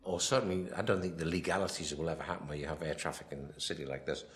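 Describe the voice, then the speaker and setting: A film director giving a rambling commentary, full of anecdotes, often quoting himself and others. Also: male voice, very deep voice, fairly even intonation, very fast.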